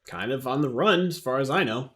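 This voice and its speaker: A man voicing an irritable male alien drug dealer who talks loudly and rambles in exasperation. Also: medium pitch, expressive, fairly quick, close to an everyday voice. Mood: exasperated.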